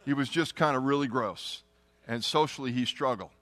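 A middle-aged man telling a personal testimony story, earnest and often dropping to a hushed tone. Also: medium pitch, normal speed, no echo. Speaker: testimony speaker.

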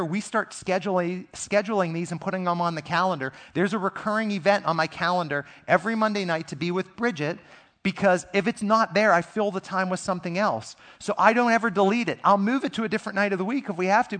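A middle-aged man with a fairly high voice preaches to a congregation, talking as if chatting with friends. He is earnest and speaks from personal experience. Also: a bit bright. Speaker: pastor. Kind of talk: sermon.

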